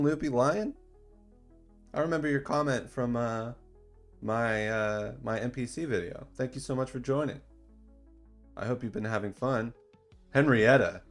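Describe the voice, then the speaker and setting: A man hosting a casual livestream in a laid-back, slangy way that turns excited at times. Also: medium pitch. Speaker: streamer and dungeon designer.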